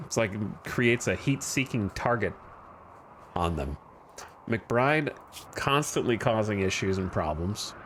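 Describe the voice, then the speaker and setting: A man's voice: fairly low pitch, lively intonation, a little slow, fairly bright tone, slight background noise. Wry man streaming a game. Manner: wry, self-deprecating, rambling. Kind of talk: casual gameplay commentary.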